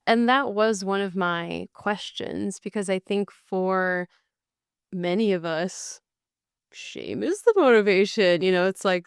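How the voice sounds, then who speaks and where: Gravelly-voiced woman podcast host. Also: medium pitch, slow pace, no room sound, clean studio sound. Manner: candid, self-deprecating, laughs often. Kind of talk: casual podcast chat.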